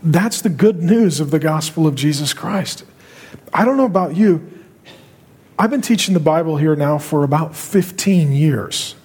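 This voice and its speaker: A husky, slightly raised male voice preaches in a church auditorium, his words trailing into a long hall reverb. He is a middle-aged pastor who speaks slowly and deliberately, leaning into impassioned lines with dramatic pauses. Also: on the high side, animated, darkish tone. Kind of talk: sermon.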